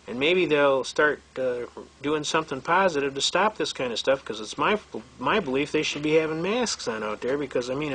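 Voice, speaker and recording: A man's voice: on the high side, slight background noise. Folksy, blunt man teaching a seminar. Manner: folksy, blunt and animated, acting out quoted voices. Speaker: seminar instructor. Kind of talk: lecture told through courtroom anecdotes.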